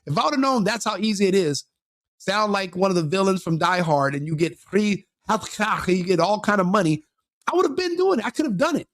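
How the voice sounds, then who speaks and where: A man's voice: high-pitched, expressive, brisk, a bit bright. A man hosting a live stream, commenting on a clip in a joking, mocking way.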